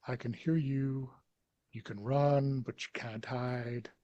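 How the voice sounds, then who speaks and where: Man putting on a ragged, breathy stalking killer. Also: medium pitch, steady tone, slow, muffled recording, close to an everyday voice. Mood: coaxing menace. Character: unseen stalking killer, coaxing, menacing.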